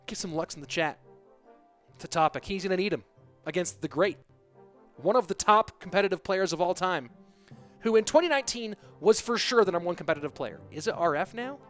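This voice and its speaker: A man with a rather high voice casts a live game match for a stream. He calls the action in a playful, joking way and talks straight to the chat, with faint music running underneath. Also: a bit bright. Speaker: esports commentator.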